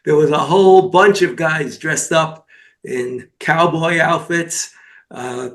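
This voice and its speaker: Rambling man telling a long story. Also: a little high. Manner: rambling storyteller, meandering with restarts. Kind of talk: casual talk-show chat.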